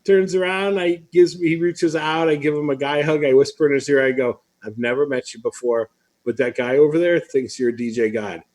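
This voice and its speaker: A man hosting a live stream on a video call, his voice pitched a little high. He chats casually and tells stories with plenty of asides and laughter. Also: normal speed. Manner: chatty storyteller, lively asides and laughs. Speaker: host.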